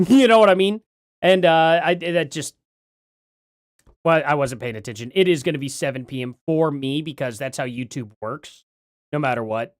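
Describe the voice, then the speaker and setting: Chatty streamer with a lively, bouncing voice. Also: mid-range voice, normal speed, no echo, studio quality. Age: adult parent. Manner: rambling, self-correcting, chatty. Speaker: livestream host. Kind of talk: casual livestream chat reading donations.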